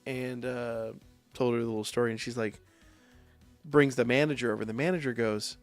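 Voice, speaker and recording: A man streaming live, telling a profane, animated story in a casual way. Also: medium pitch, normal speed, soft background music. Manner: profane, animated anecdote with quoted voices.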